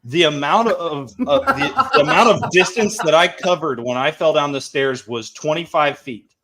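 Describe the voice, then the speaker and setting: A man's voice: a little high, expressive, moderate pace, pushed and bright. A man co-hosting a comedy podcast, rambling through a story with lots of swearing and self-mockery. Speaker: podcast co-host. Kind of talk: crude comedic banter.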